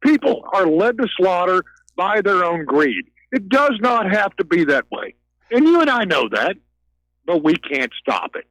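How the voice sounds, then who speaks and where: Agitated male caller, high and very animated pitch, stumbling repetitions, dry close sound. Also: measured pace, no room sound, poor audio. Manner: agitated, ranting, repeats words. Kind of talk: heated talk radio call.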